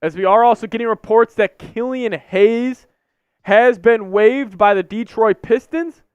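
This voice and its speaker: A man's voice: high voice, a little slow, clear, resonant tone, no echo. A young man hosting a live sports stream, ranting in frustration and repeating himself. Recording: slightly dull lo-fi stream audio.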